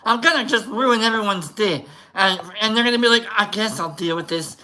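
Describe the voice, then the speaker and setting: A livestream host giving casual, rambling shout-outs to viewers, joking around. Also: medium pitch, brisk, slight background noise. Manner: jokey, rambling, tries silly voices.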